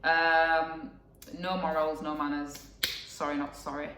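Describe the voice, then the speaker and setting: A young woman rambles through a personal story, full of fillers and side remarks. Her voice is bright and a little low for a woman. She sounds a bit distant from the mic, in a roomy, echoing space. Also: little pitch movement, unhurried, a little hiss or hum. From England. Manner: chatty and rambling, with frequent fillers and asides. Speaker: vlogger. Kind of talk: casual storytelling to camera.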